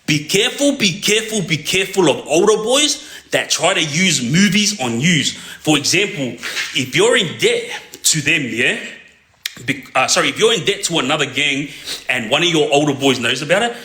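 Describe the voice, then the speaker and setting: A man tells a street story in a loose, rambling way, checking in with the listener every few lines. His voice sits a little high and sounds bright and forceful. The room around him is echoey. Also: very animated, normal speed. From Australia. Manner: rambling, checks in with a constant "yeah?". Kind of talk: casual crime storytelling.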